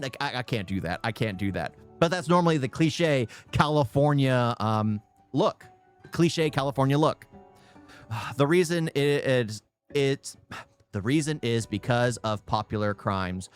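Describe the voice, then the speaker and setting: Man reacting to a clip, loose rambling talk, repeats himself, soft music bed behind. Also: mid-range voice, a little slow, clean tone. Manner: rambling, repeats his own phrases. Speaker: reaction video host. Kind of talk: casual reaction commentary. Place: home in California.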